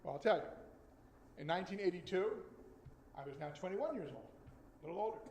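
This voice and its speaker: An American man in his sixties speaks in a slightly raised voice, easy and conversational as he tells his story. When he reads, he slows to a careful pace. The sound rings through a roomy sanctuary over a faint background hum. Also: sits high, animated, creaky, a little mellow. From United States. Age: 60s. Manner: conversational, with slow deliberate reading. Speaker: speaker at a Friday night service. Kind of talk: personal story and poetry reading. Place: synagogue sanctuary. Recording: echoey room with faint ambience.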